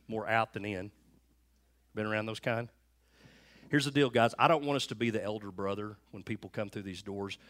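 A man preaches to his congregation in a fairly low voice. He tells stories earnestly, and he often stumbles and restarts a phrase before pressing on. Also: a bit bright. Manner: earnest storytelling with frequent restarts. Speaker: pastor. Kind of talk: sermon. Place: church sanctuary.

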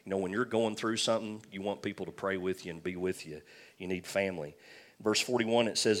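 A man's voice: sits low, fairly even intonation, quick pace. A man preaching a sermon, telling a personal story and calling for amens. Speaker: pastor.

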